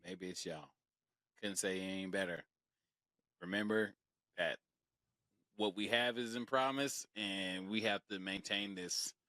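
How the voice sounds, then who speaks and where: A man's voice: deep voice, fairly even intonation, measured pace, long pauses, sharp tone, dry recording. A man co-hosting a podcast in casual chat, laid-back and agreeing with his partner. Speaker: podcast co-host. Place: podcast studio.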